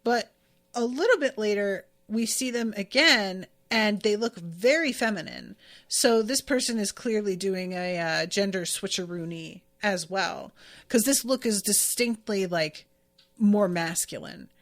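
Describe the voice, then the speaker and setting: A woman's voice: mid-range voice, measured pace. A woman hosting a podcast and casually recapping an episode, gushing and swearing freely. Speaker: podcast host.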